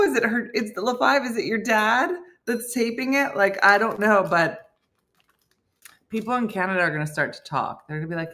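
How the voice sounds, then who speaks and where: A middle-aged woman hosting a comedic morning show, chatting in a loose, animated way with frequent laughs and asides. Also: mid-range voice, unhurried. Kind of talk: casual comedic chat.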